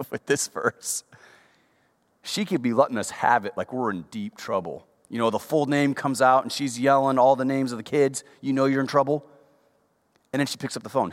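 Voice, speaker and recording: A man preaching a sermon, reading Bible verses aloud and explaining them, his voice climbing high for emphasis. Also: a bit bright, in a large hall.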